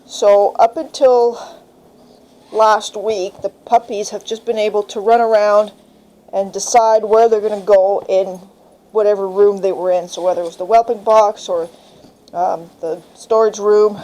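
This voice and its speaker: A young woman dog breeder talking casually while filming on a handheld camera in her kitchen, calmly explaining each step and switching to a high sing-song voice for the puppy. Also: a little slow, rough recording. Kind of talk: casual instructional vlog. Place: home kitchen, indoors. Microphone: handheld camera mic.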